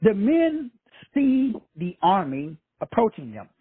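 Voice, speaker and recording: Very husky high-voiced man, tinny phone sound. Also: sing-song, slow pace, no room sound. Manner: blunt, profane, streetwise preaching. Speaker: motivational speaker, show host. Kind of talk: casual motivational monologue. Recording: dry, tinny phone-like recording.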